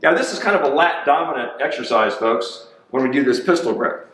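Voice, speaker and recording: A man's voice: mid-range voice, animated, a little fast, a bit bright, distant mic. A man, a personal trainer, coaching an exercise demo in a gym in an upbeat, chatty way and counting reps aloud. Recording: echoey gym, voice from off-mic.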